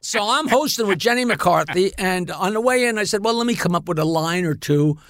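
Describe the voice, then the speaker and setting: A man telling comic show-business stories in casual chat, animated and laughing through his punchlines. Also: high-pitched, fairly quick, no room sound. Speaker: guest comedian. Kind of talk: casual storytelling.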